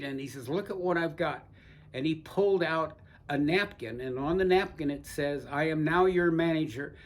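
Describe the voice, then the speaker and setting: Older man, oral history interviewee, slightly high pitch, folksy rambling storyteller. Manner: rambling, folksy anecdotes with frequent restarts. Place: seated indoors in a barber chair.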